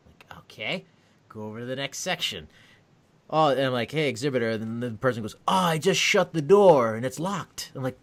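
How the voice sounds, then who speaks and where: A man co-hosting a podcast, telling an animated, profane story in casual chat. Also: medium pitch. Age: adult with a daughter. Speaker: podcast co-host.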